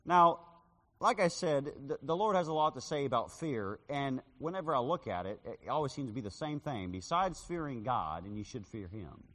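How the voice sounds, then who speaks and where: A male preacher delivers a sermon with a lively, swooping delivery and a bright, forceful tone. His voice rings out with a long reverb, as if he is in a large hall. He slips into dramatic voices when retelling stories. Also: mid-range voice, moderate pace. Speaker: street preacher. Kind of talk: sermon with personal story.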